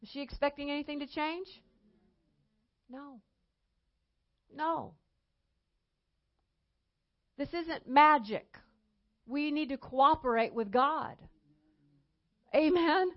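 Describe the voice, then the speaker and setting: Brief: woman evangelist, fairly high voice, emphatic sermon, dull lo-fi recording. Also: expressive. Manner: emphatic preaching, slowing and rising on key phrases. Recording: dull lo-fi sound.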